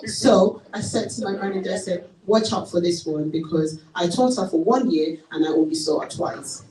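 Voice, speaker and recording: A woman's voice: on the low side, moderate pace, slight background noise. Nigerian woman telling stories in an echoey hall. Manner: animated storyteller, acts out parents' voices. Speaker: college tutor speaking at a parenting seminar. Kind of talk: seminar talk with anecdotes. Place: church hall. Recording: echoey hall, mic from a distance.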